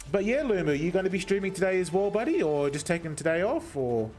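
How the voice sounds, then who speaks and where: A young man with an Australian accent talks to his live chat while he plays. His voice sits fairly high and swings all over the place as he reacts. He is chatty and swears freely, welcoming viewers one by one. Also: big pitch swings, brisk, gravelly, few pauses, soft background music. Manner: chatty, swears often, greets chat warmly by name. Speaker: gaming streamer. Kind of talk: casual livestream chat while gaming.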